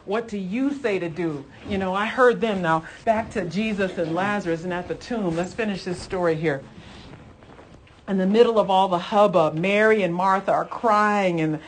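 A woman preacher giving a conversational sermon, retelling scripture with animated storytelling, repeated phrases and emphatic exhortations to her listeners. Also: medium pitch, moderate pace, slight background noise.

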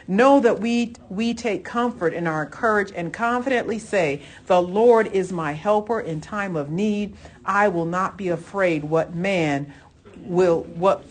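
A woman teaching a church Bible lesson in a fervent, emphatic way. She talks conversationally, with asides and restarts, and breaks in with exclamations of praise. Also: fairly low pitch. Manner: fervent, emphatic, exclaims "Hallelujah" between points.

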